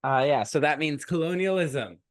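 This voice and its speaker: A man co-hosting a podcast, recapping a movie in animated, joking chat. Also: on the high side, moderate pace, no room sound, studio quality. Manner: animated, jokey, quotes characters in sped-up asides. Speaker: podcast co-host.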